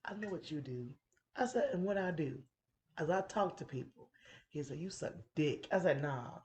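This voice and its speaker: On a laid-back chat show, a thirty-something podcast host tells a blunt, profanity-laced story at a moderate pace. Her low-pitched voice is expressive with a darkish tone, and she jokes around and laughs a lot. A faint hiss or hum sits under the audio.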